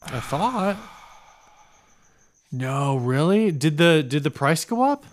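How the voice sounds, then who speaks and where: A man's voice: on the high side, sing-song, takes it slowly, a little hiss or hum. Teasing man co-hosting a podcast. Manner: teasing, reads listings aloud with mock quotes. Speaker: podcast co-host. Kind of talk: casual chat.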